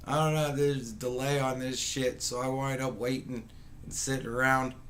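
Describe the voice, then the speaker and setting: A man's voice: mid-range voice, little pitch movement, normal speed. A man hosting a casual live stream, rambling and swearing, greeting viewers by name and poking fun at people with mocking impressions. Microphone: webcam setup with mic.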